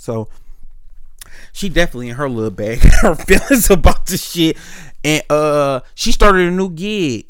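A man's voice: mid-range voice, a bit bright, no room sound. Young guy on his podcast, chill and cussing a lot, slangy storytelling, dry close mic. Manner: laid-back, profane, street slang, voices others in quotes. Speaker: podcast host. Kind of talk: casual storytelling monologue.

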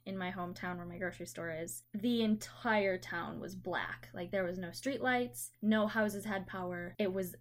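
A young woman chatting casually as a podcast co-host, telling lively stories and acting out the people in them. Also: medium pitch, moderate pace, few pauses. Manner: animated storyteller, acts out customers in quotes. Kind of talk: casual chat.

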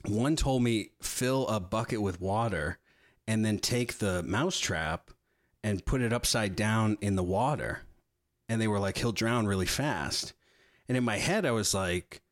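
A young man co-hosting a podcast, telling a story in casual, profane chat with animated swings in his voice. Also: fairly low pitch. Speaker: podcast co-host.

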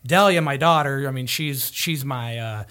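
A man's voice: mid-range voice, normal speed, pushed and bright. A man hosting a casual conversation, earnest and reflective, with frequent fillers. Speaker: podcast host.

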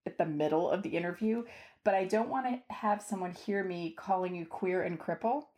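A woman's voice: lowish voice, normal speed, warm tone. A woman hosting a podcast interview, asking questions thoughtfully and carefully, and laughing easily. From United States. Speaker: podcast host. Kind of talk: conversational interview.

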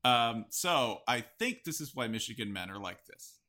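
A man on a comedy podcast, chatting casually and rambling from one joke to the next. His voice is bright and forward at a mid pitch. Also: expressive, moderate pace. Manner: rambling, riffing on jokes. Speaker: podcast co-host.

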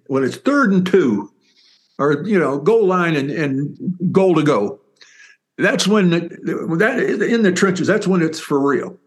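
Excitable older man telling football stories. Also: fairly high pitch, a little slow. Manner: animated, rambling, excitable. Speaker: former football player and author. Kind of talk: interview storytelling.

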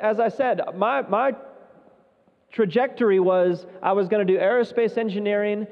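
A young man giving an earnest, halting sermon testimony, often repeating his words. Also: high voice. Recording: muffled sound in a long-reverb hall.

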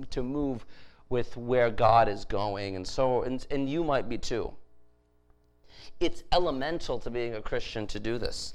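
A man's voice: mid-range voice, rough recording. A man preaching a sermon in a conversational way, with frequent restarts and emphatic rises. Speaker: pastor.

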